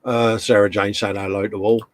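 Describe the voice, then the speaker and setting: A man's voice: on the low side, level tone, fairly quick, no room sound. A man hosting a casual live stream, chatting and reading out viewer comments in a jokey way.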